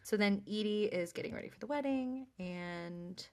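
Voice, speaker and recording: An animated woman co-hosting a podcast, chatting casually as she recaps a show. She jumps into quick acted-out quotes, sounding like she's having fun. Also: medium pitch. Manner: animated, quotes characters in snappy voices. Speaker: podcast co-host.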